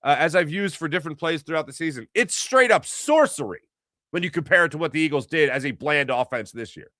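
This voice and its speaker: A man hosting a sports show, arguing his point in a fast, animated monologue full of rhetorical questions. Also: fairly high pitch, no echo, clean studio sound. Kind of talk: casual sports commentary monologue.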